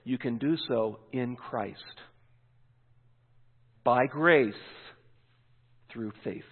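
A man preaching a sermon as pastor, emphatic, slowing down and lingering on key words. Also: medium pitch, husky. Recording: phone-like sound with long hall reverb.

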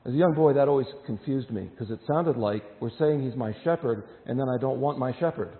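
A man's voice: mid-range voice, brisk. A man preaching a sermon, reading scripture aloud with emphasis and explaining it to his congregation. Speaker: pastor. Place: church sanctuary. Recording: echoey hall over a phone-like line.

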